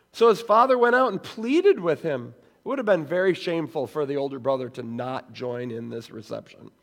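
A man preaching a sermon as a pastor, animated and acting out the voices he quotes. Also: sits high, big-room sound.

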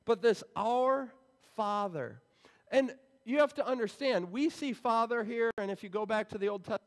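High-voiced male pastor preaching in a reverberant church. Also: fairly quick. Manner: conversational, explanatory. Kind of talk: sermon. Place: church sanctuary. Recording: long reverb in a church hall.

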